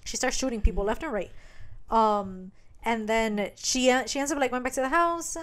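A woman's voice: fairly high pitch, moderate pace. A woman co-hosting a podcast, casually recapping a book, swearing freely and acting out the characters' lines. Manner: animated, swears a lot, acts out characters' lines. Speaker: podcast co-host.

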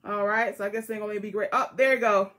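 Talking fast in a mid-range, fairly bright voice with rather even intonation, a woman hosts a jewelry livestream from a tablet. She chats casually and warmly, calling out viewers by name.

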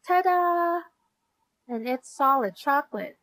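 A woman voicing a bossy, cheerful girl who runs the games, in a bright announcer tone. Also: high voice, lively intonation, slow pace, no echo, pitched above the performer's own voice, heavily acted, rough recording.

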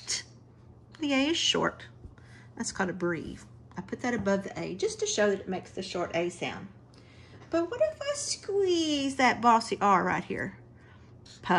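A woman's voice: mid-range voice, creaky, a bit bright, husky. A woman teaching a phonics lesson to children, sounding out words one sound at a time. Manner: slow, sound-by-sound phonics drilling.

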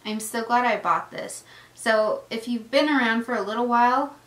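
A woman's voice: a little high, moderate pace, fairly bright tone. Chatty woman vlogger in an echoey room. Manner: chatty and gushing, narrating while she applies makeup. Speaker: beauty vlogger. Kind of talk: get-ready-with-me makeup tutorial chat. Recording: echoey room with faint noise.

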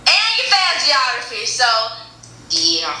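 A woman's voice: high voice, huge pitch swings, a little slow, pushed and bright. A woman on a video chat, mocking and giggling as she talks. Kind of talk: casual chat. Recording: very echoey room with faint noise.

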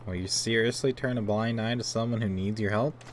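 A man's voice: on the low side, steady tone, fairly quick, lightly acted. A man reading the lines of a stern, righteous hero in a video game, firm and scolding, over faint background noise.

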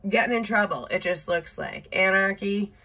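A woman's voice: mid-range voice, normal speed, sharp tone, breathy edge. A woman doing a casual tarot reading, reading card words aloud in short bursts, blunt and swearing now and then. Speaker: tarot reader.

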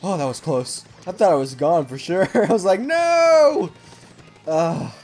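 A man hosting a gaming channel, giving hyper, excitable let's play commentary and yelling at opponents. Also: fairly high pitch, moderate pace, faint music behind.

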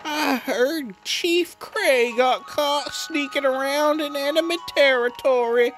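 A woman's voice: sits high, takes it slowly, soft background music, pitched above the performer's own voice. A woman voicing a proud villager from a warrior clan, with an American Southern accent and a folksy drawl.

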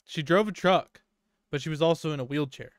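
A young podcast co-host with a slightly high voice talks a little fast, with no room sound. He casually tells a long, rambling workplace story full of fillers and swearing.

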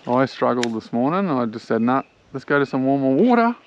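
An Australian man giving excitable, chatty commentary while fishing from a small boat on a creek, talking to the fish he catches. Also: medium pitch, a little fast, lo-fi sound, slight background noise. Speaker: angler filming his own fishing trip. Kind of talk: casual fishing vlog commentary.

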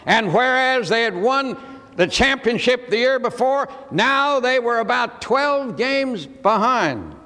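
A man in his eighties preaching a sermon, telling a folksy story with dramatic pauses. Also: very high-pitched, bright, forceful tone. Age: 80s. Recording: echoey hall.

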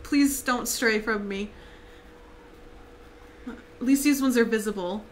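A woman streamer giving live let's-play commentary, excitable and reactive, laughing, yelping, swearing freely and talking to the game characters. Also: on the high side, takes it slowly, slight background noise. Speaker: gaming streamer.

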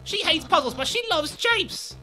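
A woman's voice: very high-pitched, expressive, moderate pace, sharp tone, full character voice. A woman voicing a boastful, theatrical male skeleton who loves puzzles, with grand, exclaiming delivery over game music. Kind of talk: live fan voice-over of a game.

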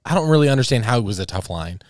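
A man's voice: mid-range voice, lively intonation, very fast, dry recording, clean studio sound. A man co-hosting a podcast, teasing and bantering in casual chat. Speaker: podcast co-host.

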